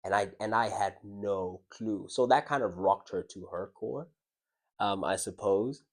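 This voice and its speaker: A man's voice: fairly low pitch, unhurried, darkish tone. A young man casually telling a personal story to his audience, reflective and conversational, often restarting his words and laughing. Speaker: vlogger.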